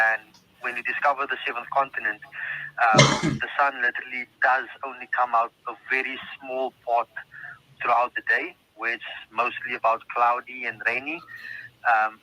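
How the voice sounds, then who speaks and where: A man's voice: medium pitch, level tone, a little fast, pushed and bright, slight background noise, low-quality recording. A man with a South African accent, a travel agent explaining things on a call, hesitant and full of ums.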